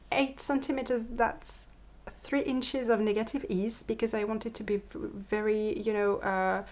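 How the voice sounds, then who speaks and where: A woman with a French accent, a native French speaker, hosting a knitting podcast in a casual, chatty way and often restarting words and correcting herself. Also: fairly high pitch. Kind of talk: casual chat.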